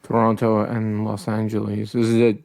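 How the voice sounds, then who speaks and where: A man's voice: lowish voice, monotone, normal speed, creaky, darkish tone. A man from Russia with a New York-leaning American accent and a slight Russian hint, co-hosting a casual podcast and teasing his friend with frequent laughs. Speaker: podcast co-host.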